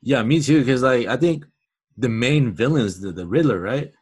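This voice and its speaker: A man co-hosting a podcast in casual chat, laid-back and quick to agree. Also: mid-range voice, lively intonation, darkish tone, slightly rough. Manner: laid-back, agrees a lot, many "like" and "you know" fillers. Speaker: podcast co-host.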